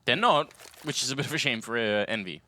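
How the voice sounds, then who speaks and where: A man's voice: medium pitch, expressive, quick pace, bright, forceful tone, no echo. A man casting a live esports match, calling the action and trading dry, wry banter with his co-caster. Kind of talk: live play-by-play commentary.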